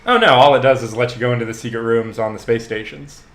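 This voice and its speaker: A man co-hosting a podcast in casual chat, relaxed and rambling, with many fillers. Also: medium pitch, fast talker, roomy sound. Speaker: podcast co-host.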